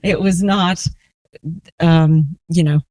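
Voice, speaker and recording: A woman in her forties from New Orleans, a resilience coach telling her personal story as a podcast guest in a slow, reflective, earnest way. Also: fairly low pitch, fairly even intonation, mellow, dry recording. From New Orleans, USA.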